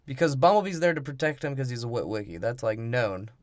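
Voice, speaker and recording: A man's voice: mid-range voice, lively intonation, fast, no room sound, clean studio sound. A man co-hosting a podcast in crude, laid-back banter, cursing casually. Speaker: podcast co-host. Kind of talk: casual comedic movie breakdown.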